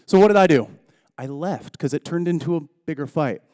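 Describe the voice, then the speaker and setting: A man's voice: fairly high pitch, brisk, warm tone, no room sound, clean studio sound. A man in his thirties giving a conference keynote, telling jokes in a chatty storytelling way. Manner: joking, conversational storyteller. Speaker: keynote speaker.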